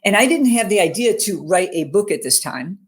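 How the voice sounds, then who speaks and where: Middle-aged woman, mid pitch, interview guest, earnest storytelling, keeps checking in with the listener, video call. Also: expressive, brisk. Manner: earnest, peppers talk with "you know", "okay?" and "right?". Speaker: interview guest, mental fitness coach. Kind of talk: personal storytelling in a conversational interview.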